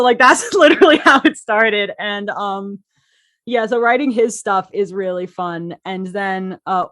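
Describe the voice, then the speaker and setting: A woman with a mid-range voice chats as a podcast guest about voicing and writing characters. She is excitable and animated, and she laughs often between her sentences. Her talk is loose and full of "um" and "like". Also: medium pitch. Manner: chatty, laughs often, many fillers. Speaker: podcast guest, voice actor and writer. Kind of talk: casual interview chat.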